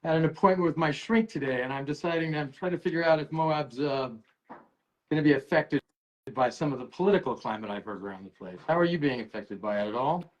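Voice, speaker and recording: A man's voice: a little high, fast talker, highs cut off. A man hosting a casual livestream, rambling and emotional, often restarting his sentences. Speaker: livestream host.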